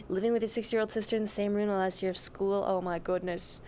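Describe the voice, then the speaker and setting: A woman's voice: mid-range voice, steady tone, a little fast, warm tone, a little hiss or hum. A young woman streamer chatting casually, greeting and answering her chat with a giggly, easygoing manner.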